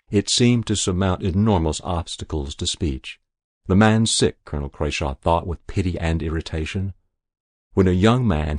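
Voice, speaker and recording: A man giving a measured, unhurried scripted narration of a short story as the reader. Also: sits low, darkish tone, no echo, clean studio sound.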